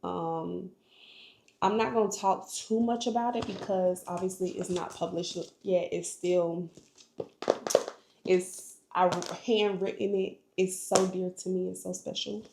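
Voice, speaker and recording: A woman's voice: fairly low pitch, fairly even intonation, a little slow, creaky, noisy background. A young woman vlogger telling her life story in an earnest, emotional, faith-filled way. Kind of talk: personal storytelling vlog. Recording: echoey room.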